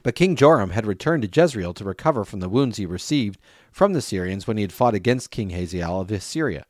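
A man reading a Bible passage aloud at a steady pace, with an occasional restart on a name or phrase. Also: on the low side, brisk, no room sound, studio quality. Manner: steady reading, lifts voice for quoted speech. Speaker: scripture reader.

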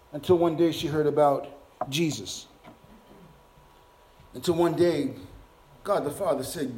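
A man preaching a sermon, swinging from soft, hushed passages to loud, shouted climaxes. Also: fairly high pitch, unhurried, pauses often.

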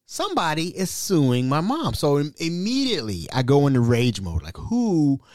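Animated male podcast host, dry sound. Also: fairly high pitch, moderate pace, dry recording. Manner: animated, exasperated retelling. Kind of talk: casual storytelling.

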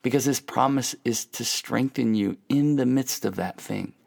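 A man preaching in an earnest, encouraging way. His voice has a gravelly edge, and his pitch sits in an ordinary middle range. He often slows down and sinks into soft, hushed asides. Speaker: pastor. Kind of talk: devotional sermon podcast.

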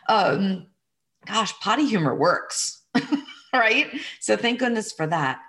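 A woman's voice: mid-range voice, creaky, a bit bright. A middle-aged woman coach telling a personal story in an earnest, confiding way, speaking to her listeners as friends.

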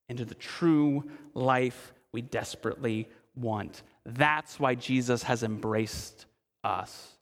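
A man preaching a sermon as pastor, earnest, asking his listeners direct questions and slowing to a hush for emphasis. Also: medium pitch, gravelly, big-room sound. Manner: slows and drops quiet for emphasis.

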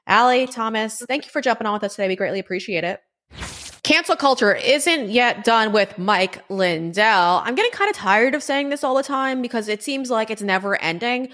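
A woman host runs through political commentary at a quick clip, her speech loose and conversational. She leans on fillers as she goes, and her pitch sits in a middle range. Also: a bit bright. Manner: brisk, conversational, with many fillers. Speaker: show host.

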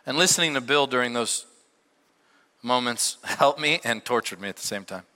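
A middle-aged male pastor preaching a sermon, telling stories with sudden shouted peaks and quieter asides. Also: mid-range voice, moderate pace. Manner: animated storytelling with shouted peaks and dropped asides. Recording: long hall reverb.

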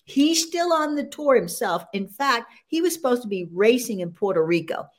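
Animated older woman sprinter, high voice. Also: moderate pace. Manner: animated, laughs often, proud. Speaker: interview guest, senior sprinter. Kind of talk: casual interview storytelling.

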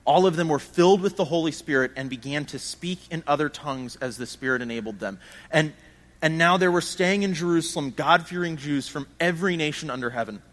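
A man's voice: a little high, a little fast, a bit bright. A man preaching a sermon in an earnest, conversational way, often repeating words as he builds his points.

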